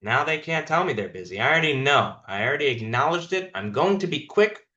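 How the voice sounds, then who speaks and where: Animated and pushed, this man's voice sits on the high side and comes out bright, a little fast, with hardly any pauses. He is a sales manager emphatically coaching his team in a meeting and demonstrating call lines, recorded in an echoey room with the highs cut off.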